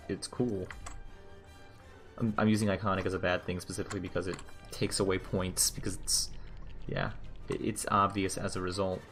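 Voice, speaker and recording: A young man streaming a video game, rambling and joking casually, swearing freely, with keyboard typing nearby. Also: lowish voice. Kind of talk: casual gameplay commentary.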